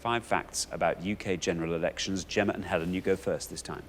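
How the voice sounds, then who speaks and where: A man's voice: deep voice, fairly even intonation, quick pace, slight background noise. A man hosting a TV quiz show, reading out answers and bantering playfully with his co-host. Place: TV studio.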